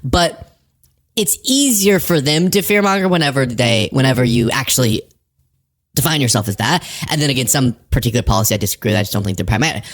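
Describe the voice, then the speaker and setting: A woman hosting casual political commentary, sarcastic and animated, laughing at her own jokes. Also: very deep voice.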